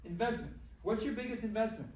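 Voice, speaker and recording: A man's voice: sits high, fast, a little hiss or hum. A man, a dentist, giving a motivational talk to a group, acting out conversations and repeating phrases for emphasis. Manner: animated, acts out dialogue and repeats phrases for emphasis.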